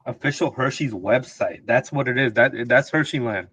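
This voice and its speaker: A man co-hosting a podcast, relaxed and easygoing, often chuckling. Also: mid-range voice, moderate pace, slightly rough. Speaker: podcast co-host. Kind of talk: casual chat. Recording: slightly dull, muffled audio.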